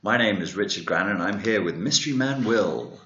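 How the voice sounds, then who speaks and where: Scouse male podcast host, bright forceful voice, swears, mimics people; echoey lo-fi room. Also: on the low side, expressive, a little fast. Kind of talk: casual chat. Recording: echoey, muffled room sound.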